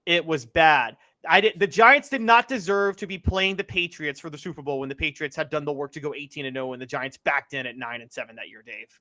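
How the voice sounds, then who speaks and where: A man's voice: fairly high pitch, a little fast, hardly any pauses, bright, forceful tone. A young man co-hosting a casual sports podcast, giving emphatic, opinionated takes. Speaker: podcast co-host.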